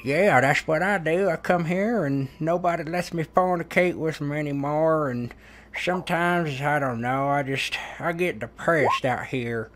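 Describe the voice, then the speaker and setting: A man putting on a lonely old man with no teeth, mumbling gummy words in a rambling, folksy drawl. The voice sits a bit high and sounds bright and forward. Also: drawn-out words, few pauses, full character voice. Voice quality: gummy, lisping, toothless mumble.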